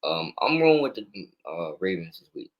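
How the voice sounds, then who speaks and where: Man, low voice, co-host, casual sports chat, blunt, excitable. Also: a little fast, low-quality recording. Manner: blunt, excitable trash talk.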